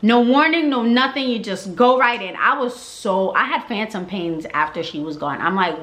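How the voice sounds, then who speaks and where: A woman's voice: a little high, animated, unhurried, fairly bright tone. A young woman telling her birth story in casual vlog style, acting out the people she quotes.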